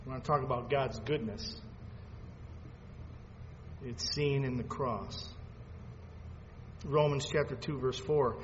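A man preaching a sermon, swinging between fervent loud peaks and quiet asides as he reads scripture aloud. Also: medium pitch, steady tone, slow pace, long pauses. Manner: reads scripture aloud in old-fashioned phrasing. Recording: dull lo-fi sound with long hall reverb and faint background noise.

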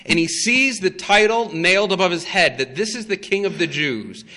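A man preaching a sermon, telling the story slowly and with emphasis, with frequent "uh" fillers. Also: high-pitched, lively intonation, pushed and bright. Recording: long hall reverb.

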